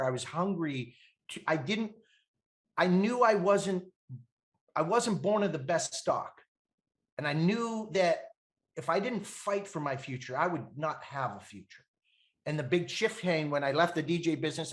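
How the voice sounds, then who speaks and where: A man in his fifties from Canada, a podcast guest telling animated stories, laughing often and acting out the voices of people he quotes. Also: fairly high pitch. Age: 50s. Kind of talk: animated storytelling.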